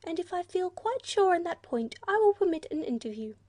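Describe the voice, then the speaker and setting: A woman voicing a fussy, irritable little platypus in a storybook reading, in a high-pitched, haughty voice. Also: sing-song, a little fast, warm tone, no room sound. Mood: affable.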